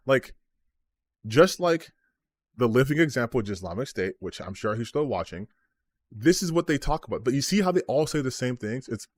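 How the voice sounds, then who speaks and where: A man's voice: mid-range voice, lively intonation, moderate pace, no echo. Exasperated, sarcastic male streamer ranting. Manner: sarcastic, exasperated, swears freely. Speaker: gaming streamer. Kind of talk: ranting commentary on comments.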